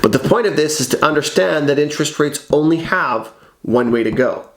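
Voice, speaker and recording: A man's voice: on the high side, lively intonation, fairly quick. A man working as a mortgage broker, talking in a confident, persuasive way in a scripted explainer video. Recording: roomy echo, faint background music.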